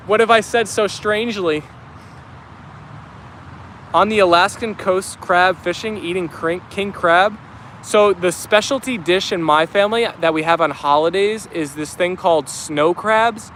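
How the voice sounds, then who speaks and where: Chatting outdoors with faint traffic humming behind him, a young vlogger from New Jersey reads live chat comments aloud in a New York Italian accent. His voice sits high for a man and moves at a measured pace, bright, upbeat and easygoing, sprinkled with lots of little fillers.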